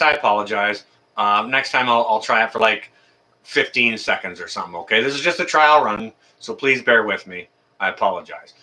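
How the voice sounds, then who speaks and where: Casual male livestream host, bright voice, friendly, halting, filler-heavy. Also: on the low side. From Canada. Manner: friendly, chatty, many ums and uhs. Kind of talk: casual live chat greeting viewers.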